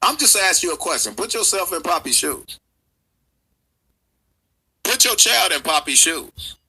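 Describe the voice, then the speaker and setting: Man, streamer; sharp, strained, husky voice; heated profane rant. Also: high voice, lively intonation, a little slow, low-quality recording. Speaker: livestreamer. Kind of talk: livestream rant.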